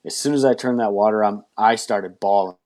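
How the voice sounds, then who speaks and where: A man's voice: on the low side, fairly quick, a little mellow. A man as an interview guest giving a candid personal testimony, acting out his own past words as he tells it.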